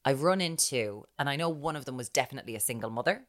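An Irish woman co-hosting a chatty podcast, telling stories animatedly and acting out other people's words, often dropping to a hushed voice. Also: a bass voice, fast talker. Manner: animated storyteller who acts out quotes, often dropping to a hushed voice. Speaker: podcast co-host. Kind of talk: casual chat, storytelling.

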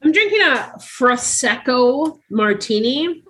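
A woman co-hosting a casual podcast chat, dropping quick deadpan quips and swearing. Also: sits high. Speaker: podcast co-host.

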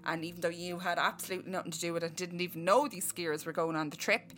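A woman's voice: lowish voice, steady tone, fast, a bit bright, slight background noise. An Irish woman co-hosting a podcast, reading out a case and breaking off to joke and chat. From Ireland. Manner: reads case notes then riffs with jokes. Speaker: podcast co-host. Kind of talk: casual storytelling chat.

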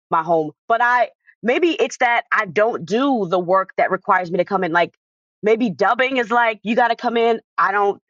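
A woman's voice: medium pitch, a bit bright, dry recording, dull audio. A woman voice actor speaking casually on a video-call panel, chatty and loose. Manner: casual, chatty, many fillers.

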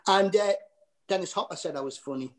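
A man's voice: sits high, brisk, a little hiss or hum, low-quality recording. A middle-aged man with a Geordie accent, a comedian telling stories in a casual interview, rambling with lots of fillers and restarts. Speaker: comedian guest.

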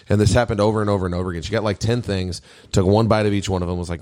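A man in casual chat, telling a story at length and growing animated as he quotes himself and his wife. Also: deep voice, very fast, hardly any pauses, dry recording, studio quality. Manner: storytelling, animated when quoting.

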